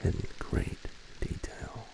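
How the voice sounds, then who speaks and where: Slow, gravelly whispering man. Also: rough recording. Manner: slow, soft whispering with drawn-out words. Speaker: ASMR streamer. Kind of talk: whispered ASMR talk. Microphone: close studio microphone in a sound booth.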